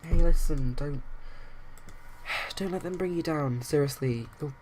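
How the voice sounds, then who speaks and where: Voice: mid-range voice, unhurried, noisy background, natural voice. Fiercely loyal young woman friend, put on by the player. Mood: comforting. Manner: firm and indignant.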